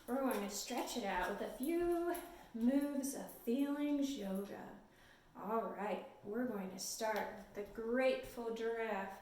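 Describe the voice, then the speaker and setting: A woman leading a storytime lesson for toddlers in a gentle, sing-song, encouraging way, recorded in a library room. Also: fairly high pitch. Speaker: children's librarian. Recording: echoey room, mic at a distance.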